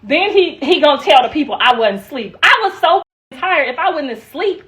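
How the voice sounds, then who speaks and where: A woman's voice: high-pitched, lively intonation, brisk, a bit bright, low-quality recording. A middle-aged woman chatting casually on a livestream, laughing often, her voice worn out.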